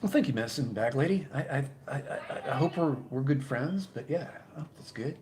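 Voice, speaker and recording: A man hosting a casual live stream, reading viewer comments and chatting in a rambling, halting way, repeating his words. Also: medium pitch, lively intonation, a crowd in the background. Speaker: YouTube channel host.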